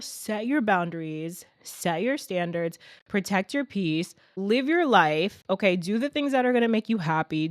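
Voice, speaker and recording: A young adult woman hosting her own podcast in a casual solo talk, animated and talking straight to her listeners like a friend. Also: mid-range voice, no echo, clean studio sound. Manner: animated, talks straight to listeners, calls them "sis" and "girl". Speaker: podcast host.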